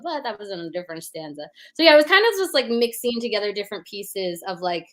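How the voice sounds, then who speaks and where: Sing-song and medium-pitched, she talks quickly with hardly any pauses, her tone a bit bright. She performs puns as a guest and chats casually about crafting them, using many fillers and explaining with rhythm sounds.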